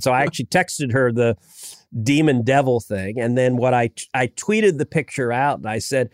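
A middle-aged man and senator, chatting casually in an interview, telling stories with lively restarts. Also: mid-range voice, normal speed, dry recording, studio quality. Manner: storytelling, animated, frequent restarts. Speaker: senator, guest.

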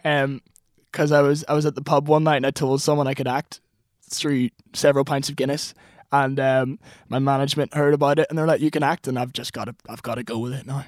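A man's voice: mid-range voice, little pitch movement, a little fast, no room sound, clean studio sound. A young man with a Northern Irish accent, chatting casually as a singer-songwriter guest, laughing often and poking fun at himself. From Northern Ireland. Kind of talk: casual chat. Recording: music playing behind the voice.

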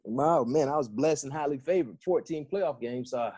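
A middle-aged man from South Florida, a former football player, telling lively stories in a casual interview and acting out the quotes. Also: fairly high pitch, normal speed, husky, dry recording. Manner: animated, repeats and restarts, acts out quotes.

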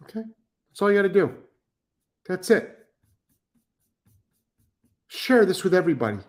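A man's voice: high voice, very animated, moderate pace. A middle-aged man hosting a live stream as a dog trainer, blunt and profane, repeating himself for emphasis as he reads chat comments.

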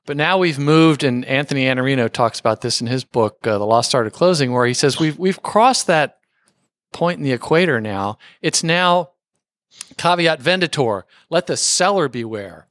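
A man hosting a podcast interview, adding short measured remarks. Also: mid-range voice, expressive, a bit bright, no room sound, clean studio sound. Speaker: podcast host.

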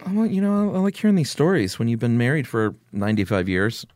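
A man's voice: medium pitch, sing-song, quick pace, darkish tone, dry recording. A middle-aged man co-hosting a podcast in casual chat, teasing his partner and laughing easily. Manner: teasing, jokey, laughs often. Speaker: podcast co-host.

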